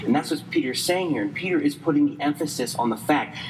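A man preaching a sermon conversationally, quick in places and slow and emphatic in others, saying he is losing his voice. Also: a little high, long reverb tail, background noise. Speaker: pastor.

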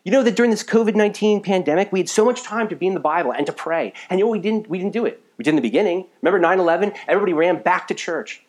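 Guy preaching a live sermon, chatty, goes loud and punchy then drops real quiet, sounds kinda tired. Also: high voice, racing, few pauses. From United States. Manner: conversational preaching, rising to emphatic bursts, dropping to quiet asides. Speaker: pastor.

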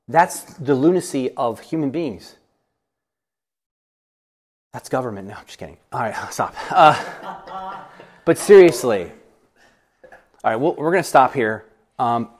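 Middle-aged male pastor, mid-range voice, lively informal teaching in a church, self-deprecating, slips into acted voices. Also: mid-range voice, measured pace, long pauses. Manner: animated, self-deprecating, acts out quoted voices. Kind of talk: informal Bible study teaching.

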